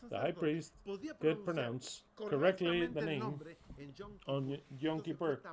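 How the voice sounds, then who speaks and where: A man's voice: on the high side, measured pace, crowd noise. A man preaching an informal sermon in a blunt, emphatic way, full of profanity.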